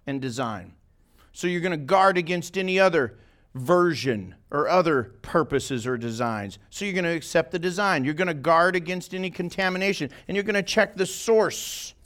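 A pastor with a fairly high voice gives a relaxed, conversational sermon. He keeps checking in with his small audience by asking them questions. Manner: conversational, asks the listeners questions often. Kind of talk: informal sermon to a small group. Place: church meeting room, live-streamed.

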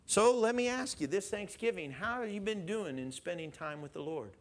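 A man preaching a sermon in an animated way, questioning his listeners and chuckling as he goes. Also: sits high, normal speed. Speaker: pastor.

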